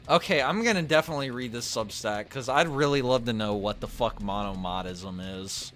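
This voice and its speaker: A man casually commenting while he plays an old-school shooter, swearing freely and talking to his chat between fights. His voice sits at an ordinary middle pitch for a man. Faint drum-and-guitar game music plays quietly under him. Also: brisk. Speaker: gaming streamer.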